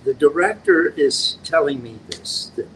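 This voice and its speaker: An older man, an actor, slowly telling stories from his career in a casual interview, acting out the voices he quotes. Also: a little high, slight background noise, rough recording. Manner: slow, animated storyteller acting out quotes.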